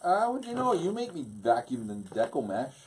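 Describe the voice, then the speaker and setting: Very low-voiced woman teasing off-mic. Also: sing-song, normal speed, slightly rough. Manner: dry, teasing quips. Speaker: off-camera helper. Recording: off-mic with loud background noise.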